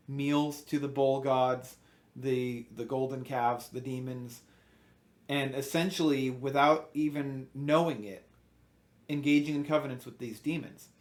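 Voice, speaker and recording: A man giving an informal Bible teaching, earnest and emphatic, often restarting his sentences. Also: mid-range voice.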